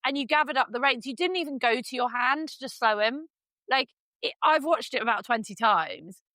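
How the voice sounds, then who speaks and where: A woman's voice: sits high, animated, normal speed, pushed and bright, no echo. A woman hosting a podcast interview, blunt and sweary, piling on emphatic praise in casual chat. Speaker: podcast host.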